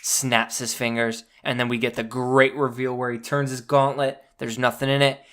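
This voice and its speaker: A man hosting a podcast, excitedly recapping a movie in casual chat, swearing and saying "dude" a lot. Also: mid-range voice. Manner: animated, swears freely, says "dude" often. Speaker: podcast host.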